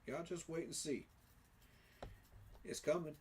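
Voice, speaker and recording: A sports fan commentator delivers an emotional, preacher-like monologue, repeating his phrases for emphasis. His voice is on the high side and slow, with slight background noise behind it.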